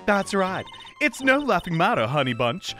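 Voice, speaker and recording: A man's voice: high-pitched, big pitch swings, moderate pace, bright, forceful tone, soft background music, voice pushed up, exaggerated voice. A man voicing a chirpy elderly female nun who fusses sweetly about her aching back. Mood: sweetly chatty. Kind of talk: reading game dialogue aloud.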